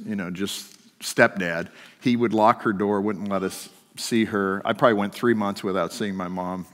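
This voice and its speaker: A middle-aged man telling a personal story during a sermon, shifting between lively and hushed. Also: fairly low pitch. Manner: storytelling, swings from animated to hushed. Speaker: guest speaker. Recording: long hall reverb.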